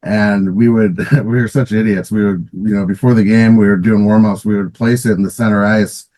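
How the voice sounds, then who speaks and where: A man's voice: fairly low pitch, fairly even intonation, normal speed, dark tone, rough recording. A middle-aged man, a former pro hockey player, casually telling stories in an interview with many restarts and fillers, often laughing.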